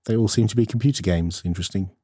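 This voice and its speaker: A man's voice: lowish voice, racing, dark tone, no echo, studio quality. A man co-hosting a casual tech podcast, explaining things in a matter-of-fact way with plenty of ums and uhs and reading out listener mail. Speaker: podcast co-host.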